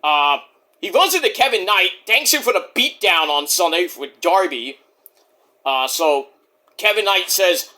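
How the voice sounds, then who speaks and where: A man's voice: high voice, expressive, unhurried, bright, forceful tone. Rambling, joking man recapping wrestling. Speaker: wrestling show reviewer. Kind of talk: casual recap vlog.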